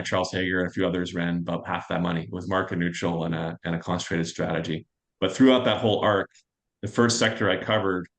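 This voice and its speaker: A man in his forties, a fund manager guest, telling his career story in an interview with a quick, self-assured manner. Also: sits low, vocal fry. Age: 40s. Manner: fast, anecdotal and self-assured.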